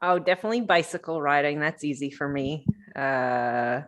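A woman's voice: sits low, moderate pace. A woman co-hosting a podcast, answering in a cheerful, decisive way. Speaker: podcast co-host. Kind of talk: casual chat.

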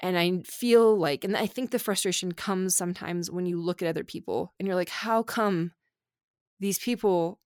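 A woman's voice: lowish voice, a little fast, hardly any pauses, darkish tone, no echo, clean studio sound. A woman in her thirties in a candid, casual conversation, venting her frustration with many fillers. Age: 30s.

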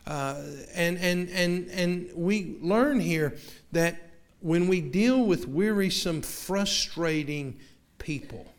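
A man's voice: sits high, slow pace. A man from the American South preaching a sermon to his congregation, with a Southern accent, often restarting words and turning to the listeners with asides. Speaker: pastor.

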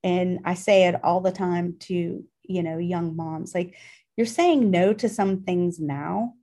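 A woman's voice: lowish voice, steady tone, takes it slowly, mellow. A middle-aged woman from Pittsburgh, a guest in an interview, telling a personal story in an earnest, emotional way, with many ums and restarts. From Pittsburgh, Pennsylvania.

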